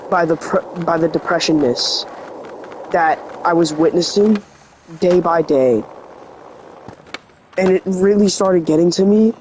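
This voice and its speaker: A man's voice: fairly high pitch, a little mellow, slight background noise, poor audio. A teenage boy vlogging in an earnest, rambling way, full of "like" fillers, his voice slightly sick and cracking. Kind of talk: confessional vlog talk.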